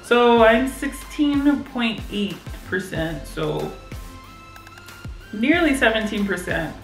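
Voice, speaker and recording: A woman's voice: on the high side, lively intonation, takes it slowly, soft background music. A young woman vlogging casually, chatty and giggly with lots of fillers. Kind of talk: casual vlog chat. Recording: roomy echo.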